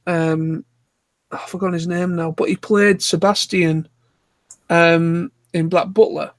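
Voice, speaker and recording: A man's voice: fairly high pitch, fairly even intonation, unhurried, dry recording. A man with a Yorkshire accent chatting casually in an online group call, rambling and digressing as he talks. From Yorkshire, England. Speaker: live chat co-host.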